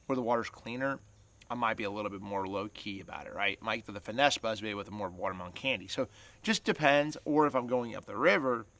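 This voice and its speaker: A man's voice: fairly low pitch, fast, sharp tone. A man hosting a fishing channel, chatting casually to camera as he explains his gear step by step and asks viewers for their opinions.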